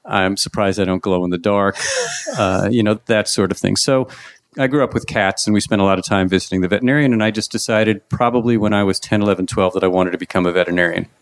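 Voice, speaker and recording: Middle-aged male vet guest from Long Island, lowish voice, wry anecdotal storyteller, dry sound. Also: quick pace, no echo. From Long Island, New York. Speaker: veterinarian guest. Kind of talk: casual interview chat.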